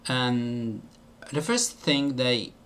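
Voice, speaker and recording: An Italian video host talks very slowly in a smooth, fairly bright, mid-range voice. His Italian accent carries a mix of British and some American tones, and he explains things casually, with many fillers and self-corrections.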